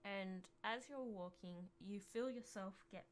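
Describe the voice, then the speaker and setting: A woman narrating a tabletop role-playing game as game master, slow and hesitant, with restarts. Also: mid-range voice, a little hiss or hum.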